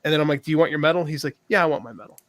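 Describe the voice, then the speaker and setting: A man's voice: on the high side, rapid-fire, fairly bright tone, dry recording. A man in his thirties co-hosting a podcast, telling a long personal story in casual chat and quoting himself often. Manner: storytelling, lots of "I'm like" quoting. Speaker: podcast co-host.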